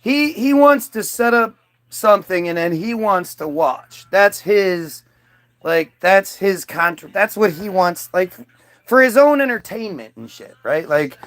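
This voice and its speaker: High-voiced man rambling through a story. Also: expressive, a little slow, a bit bright, no room sound. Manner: rambling, heavy with fillers and restarts. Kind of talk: casual storytelling monologue.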